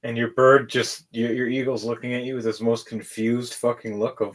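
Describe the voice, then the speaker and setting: A man's voice: mid-range voice, little pitch movement, normal speed, poor audio. A man narrating a tabletop game as game master, in a casual, profane way.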